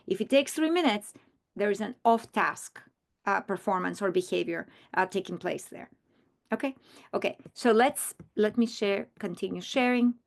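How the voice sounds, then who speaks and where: A woman walks fellow teachers through a training session, earnest and explanatory as she doubles back to restart her sentences. Her voice carries a gravelly fry at a middle pitch. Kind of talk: recorded training presentation.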